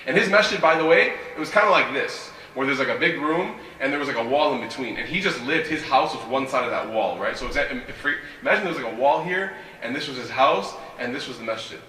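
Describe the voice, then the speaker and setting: A man delivers a lively religious lecture, telling the story at a quick clip and constantly turning to the audience with a rhetorical question. His voice is bright and forceful. It carries through a long-reverb hall, picked up from some distance. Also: mid-range voice, slight background noise. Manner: animated, keeps asking the audience "right?". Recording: echoey hall, voice from far off.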